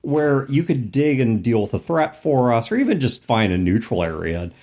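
Animated middle-aged man telling game stories. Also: mid-range voice, moderate pace. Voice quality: gravelly from old throat damage. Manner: animated, laughing often, voice jumping up when excited. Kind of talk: casual storytelling about tabletop games.

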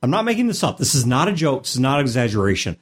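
A man's voice: medium pitch, sing-song, fast talker, husky. A man co-hosting a casual panel chat, telling anecdotes emphatically with insistent asides.

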